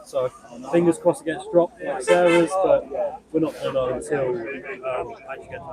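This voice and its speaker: A man's voice: mid-range voice, fairly even intonation, unhurried, poor audio. An English man speaking casually to a livestream host outdoors, hesitant and repeating words, yet confident. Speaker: protester. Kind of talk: casual interview. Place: outdoors at a street protest. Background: loud crowd.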